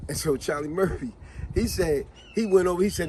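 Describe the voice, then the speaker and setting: A man's voice: high-pitched, a little fast, a little mellow. A man giving a motivational monologue, speaking in with an emphatic, conversational manner and frequent questions to the listener.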